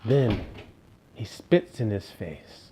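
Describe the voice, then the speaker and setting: A man preaching a storytelling sermon, dramatic, slowing down and dropping to a hush for emphasis. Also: on the low side, very animated, slight background noise.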